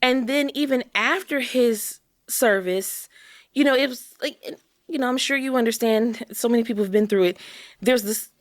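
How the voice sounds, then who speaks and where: A woman's voice: a little high, moderate pace, no echo. Woman, from Chicago, podcast guest, emotional storytelling, dry room. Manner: emotional, animated storytelling with acted-out quotes. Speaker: interview guest. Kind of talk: candid podcast conversation.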